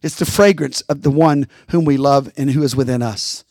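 A man's voice: mid-range voice, normal speed, a little mellow, dry recording, clean studio sound. A pastor preaching a rousing sermon, calling out to his congregation.

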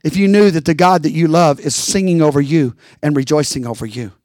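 A man's voice: fairly high pitch, brisk, darkish tone, no echo, studio quality. A pastor preaching a rousing sermon, calling out to his congregation.

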